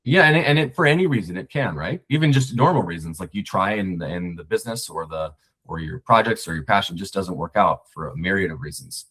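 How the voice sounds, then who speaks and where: A man's voice: low voice, animated, fast talker, fairly bright tone, husky. A man talking as a podcast guest, a screenwriter, reflective and rambling with many restarts. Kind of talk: casual conversation.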